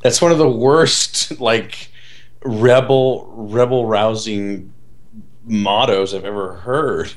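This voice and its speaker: A man co-hosting a casual movie chat, blunt, sarcastic and quick to swear. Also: lowish voice.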